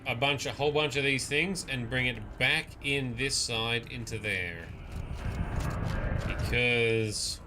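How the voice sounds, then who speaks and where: A man's voice: medium pitch, noisy background. A man giving casual, joking live commentary on a game stream and reading chat messages aloud. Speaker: livestreamer. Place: at a gaming PC. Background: game music.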